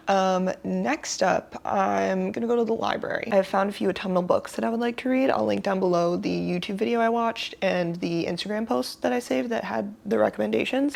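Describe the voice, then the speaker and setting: A young woman vlogging at home in a chatty, relaxed, self-deprecating way, talking to her camera about her week. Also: medium pitch, creaky. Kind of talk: casual vlog narration. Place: home apartment.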